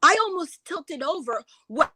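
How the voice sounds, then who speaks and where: Fervent, rambling higher-voiced woman. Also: animated, measured pace, pushed and bright, no room sound. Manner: fervent, emotional, rambling with many restarts. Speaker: guest speaker. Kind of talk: impassioned livestream talk.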